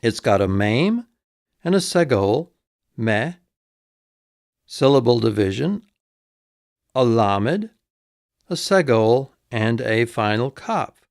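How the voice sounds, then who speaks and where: A man gives a recorded vocabulary lesson at an unhurried pace. He says each word twice and takes it apart letter by letter. The sound is dry and close, with no room around it. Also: mid-range voice, big pitch swings, dry recording. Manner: slow, deliberate, repeats each word and spells it out. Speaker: instructor.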